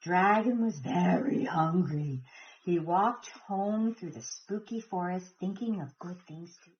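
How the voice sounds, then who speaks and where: A woman reading a picture book aloud to children, animated and asking them questions, recorded on a phone in lo-fi sound. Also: on the low side, a little slow. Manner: animated, asks listeners questions.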